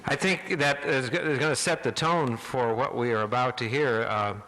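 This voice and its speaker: A man's voice: medium pitch, normal speed, pushed and bright, big-room sound, slight background noise, poor audio. Hesitant man introducing a speaker. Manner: hesitant, with many fillers. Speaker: event host introducing speaker. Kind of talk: formal introduction. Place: college lecture hall.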